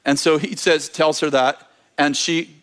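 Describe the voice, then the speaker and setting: A man preaching, telling a long anecdote in a lively, animated way with frequent restarts and self-corrections. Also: a little high, unhurried, clear, resonant tone. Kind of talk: storytelling sermon.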